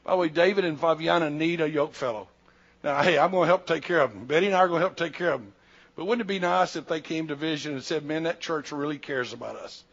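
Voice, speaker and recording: A man's voice: a little high, quick pace, fairly bright tone. A man, preaching a sermon in a folksy storytelling way and acting out dialogue, in a church. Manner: folksy, acts out dialogue in quotes. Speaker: pastor and missionary. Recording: dull lo-fi church recording.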